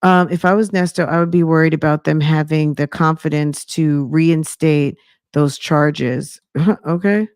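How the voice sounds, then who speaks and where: A woman's voice: low voice, fairly even intonation, measured pace, a little mellow, clear, resonant tone, no room sound, clean studio sound. A woman hosting a reaction commentary stream, chatty and sassy, addressing viewers as sis.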